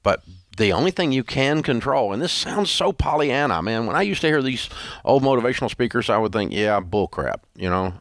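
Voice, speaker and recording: A man's voice: medium pitch, expressive, a little fast, dry recording, studio quality. A man hosting a radio talk show, chatting in a folksy, rambling way with lots of restarts. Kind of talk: casual on-air talk.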